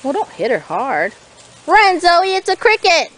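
A woman's voice: very high-pitched, measured pace, rough recording. A young woman and mother, filming a casual family vlog outdoors and coaxing her small children in a playful way. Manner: animated, playful, coaxing talk to small kids. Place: outdoors in a grassy backyard.

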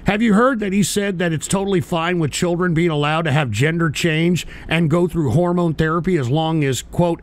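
A man's voice: a little high, moderate pace, hardly any pauses. A man hosting a livestream, ranting in a profane, exasperated way and stumbling over restarts. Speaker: livestream host. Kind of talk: angry livestream rant.

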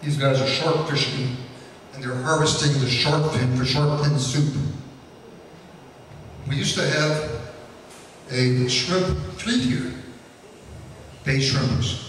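A man's voice: medium pitch, fairly even intonation, slow, long pauses, slight background noise. A man giving a public history lecture, telling folksy anecdotes with frequent fillers. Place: lecture hall. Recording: echoey hall from far off.

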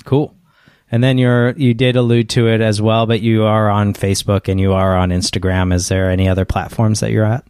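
A man's voice: lowish voice, level tone, a little fast, a little mellow, clear, resonant tone, dry recording, studio quality. A man hosting a podcast in casual chat, easygoing and joking. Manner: easygoing, tells jokes with a laugh. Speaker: podcast host.

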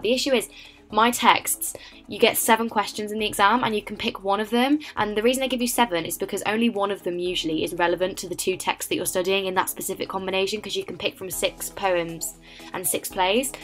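A teenage woman with an English accent narrating a casual study vlog, chatty and animated with lots of filler words. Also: medium pitch. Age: late teens. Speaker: vlogger.

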